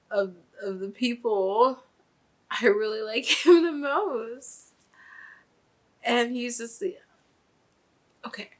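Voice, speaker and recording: A woman's voice: mid-range voice, fairly bright tone. A woman hosting a reaction video, talking emotionally in a casual way, often breaking off mid-sentence with nervous laughs. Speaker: reaction channel host.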